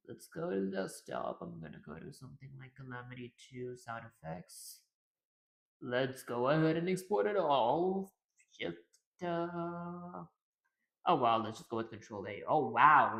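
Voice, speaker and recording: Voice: mid-range voice, animated, unhurried, vocal fry, a bit bright. A young adult streamer building a game live, chatting casually and rambling to themselves with restarts and trailing sentences. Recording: roomy echo.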